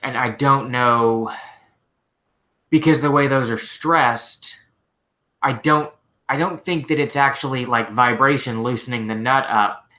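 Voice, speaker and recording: A man hosting a casual live-stream Q&A, answering questions as a working mechanic, relaxed and rambling with lots of "like" and "you know". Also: medium pitch, a little slow. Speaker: host answering viewer questions; mechanic, shop owner.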